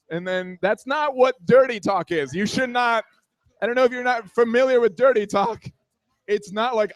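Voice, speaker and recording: A man's voice: very high voice, moderate pace, no echo. A man in his twenties doing a stand-up comedy set on a small bar stage, self-deprecating and riffing on the room around him. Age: 20s.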